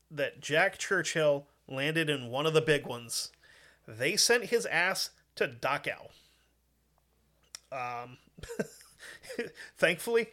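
Man, from the US, podcast host, profane joking storyteller, slightly high pitch. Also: fairly bright tone. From United States. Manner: profane, joking, lots of fillers. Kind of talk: casual history storytelling.

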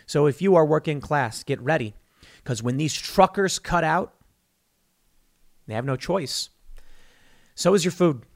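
A man's voice: fairly high pitch, measured pace, pauses often. A man hosting a solo political commentary show, talking in an opinionated, conversational way with emphatic stresses and frequent restarts.

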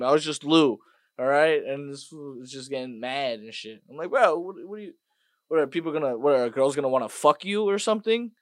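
A man hosting a podcast, ranting casually and profanely, dropping to mutters and then bursting out loud. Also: a little high, dry recording, studio quality. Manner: profane, swings between mutters and loud outbursts. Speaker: podcast host. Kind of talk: casual rant monologue.

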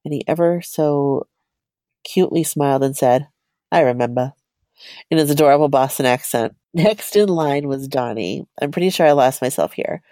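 A woman's voice: deep voice, normal speed, dark tone, no room sound. A woman co-hosting a podcast, reading a personal story aloud in a chatty, giggly way.

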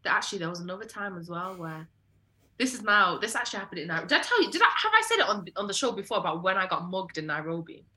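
A young woman tells travel stories on a podcast, in an animated and casual way with plenty of filler words. Her voice is bright and forceful. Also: mid-range voice, racing. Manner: animated, lots of "like" fillers, jumps into quoted voices. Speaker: podcast co-host. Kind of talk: casual storytelling chat.

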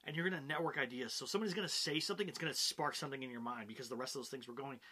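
A man's voice: mid-range voice, racing, bright, forceful tone. A man hosting a show about comedy, talking to camera in a chatty, upbeat way with frequent "right?" and "you know" asides. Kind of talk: casual talking-head explainer.

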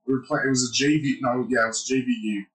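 A man's voice: medium pitch, fairly even intonation, racing, reverberant, background noise. A young man on a podcast, telling a story in a casual, profane way and laughing often. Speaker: podcast co-host.

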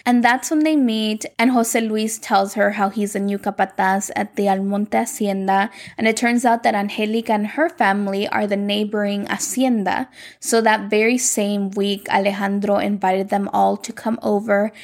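A woman casually recapping a telenovela plot, chatty and animated, quoting characters as she goes. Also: medium pitch, normal speed. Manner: chatty, animated, frequent "like", quotes characters in passing.

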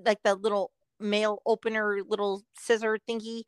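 A woman's voice: medium pitch, level tone, moderate pace, smooth, no echo. A woman from Southern California co-hosting a podcast, speaking bluntly and with lots of swearing in casual chat. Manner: profane, blunt, laughs along. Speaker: podcast co-host.

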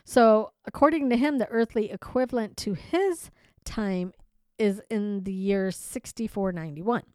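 A woman's voice: medium pitch, unhurried, mellow, clear, resonant tone, dry recording. A woman hosting a podcast in casual chat. She reads a strange story aloud, riffs on it and laughs often. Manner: chatty, playful, laughs often. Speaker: podcast host.

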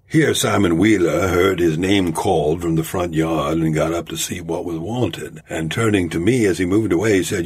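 A man reading a classic story aloud, with a dry, measured narrating manner. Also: sits low, steady tone, a little mellow, slightly rough.

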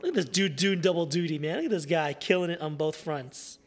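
A man's voice: on the high side, fairly quick. A man hosting a podcast, giving casual, sarcastic running commentary on a film and laughing often. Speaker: podcast host. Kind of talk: casual watch-along movie commentary.

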